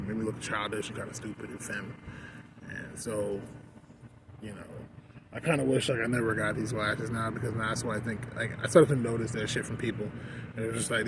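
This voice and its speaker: A man's voice: fairly low pitch, noisy background. A man venting in a casual vlog rant, rambling with many fillers, recorded outdoors in a park. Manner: rambling, frequent "like" and "you know". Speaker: vlogger. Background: outdoor ambience and passing vehicles.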